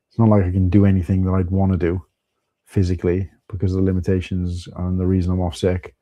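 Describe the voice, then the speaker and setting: Welsh man, deep voice, very warm and mellow tone, casual live-stream chat, dry close sound. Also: no room sound. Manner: chatty, addresses viewers as mate.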